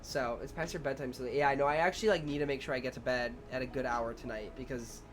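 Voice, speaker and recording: A man's voice: medium pitch, quick pace, faint music behind. A young man, a preschool teacher and streamer, chatting casually and animatedly with viewers, acting out his own and the children's lines and swearing freely. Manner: animated storytelling, acts out kids and himself, swears casually.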